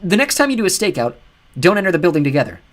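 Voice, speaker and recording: A man reading an audiobook, voicing a guarded adult woman who speaks softly and cautiously. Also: high voice, sing-song, rapid-fire, pitched above the performer's own voice. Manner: soft, cautious and earnest. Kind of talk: audiobook narration.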